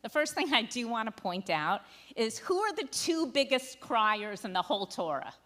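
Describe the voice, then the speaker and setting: A woman's voice: fairly high pitch, very animated, moderate pace, fairly bright tone. A woman rabbi teaching a sermon text study, speaking conversationally with wry asides to the congregation and dramatizing quoted lines. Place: synagogue sanctuary.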